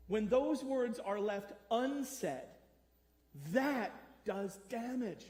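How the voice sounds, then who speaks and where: A man preaches as pastor in a reverberant church hall, keeping it conversational and asking the congregation questions. His very high, slightly mellow voice is animated, and he draws out his words.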